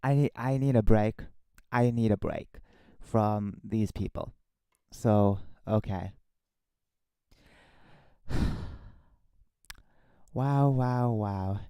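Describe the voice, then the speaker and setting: Guy on a livestream mic, super dark mellow tone, slow and grumbly, rambles and re-says stuff. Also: lowish voice, smooth, no room sound. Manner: rambling, complaining, restarts and re-says lines; drops to a hushed voice at times. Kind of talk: casual solo livestream chat. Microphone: own desktop microphone.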